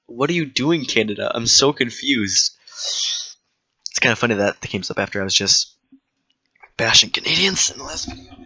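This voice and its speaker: A man with a bright, forceful voice rambles excitedly through loose stories and cusses freely while playing a trivia game. He sounds close and dry, through a slightly dull, lo-fi desk mic. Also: medium pitch, normal speed, long pauses, husky, no echo. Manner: rambling, excitable storyteller who swears freely. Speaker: gaming video creator.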